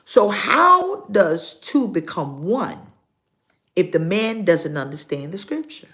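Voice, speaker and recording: An older woman pastor preaching a live sermon, pausing dramatically and acting out her stories. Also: lowish voice, sing-song, fairly bright tone. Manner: slow, preaching with dramatic pauses and acted-out stories.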